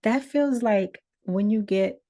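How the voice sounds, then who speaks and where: A woman's voice: medium pitch, slow pace, mellow. A woman hosting a podcast interview, chatting casually and affirming her guest. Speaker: podcast host.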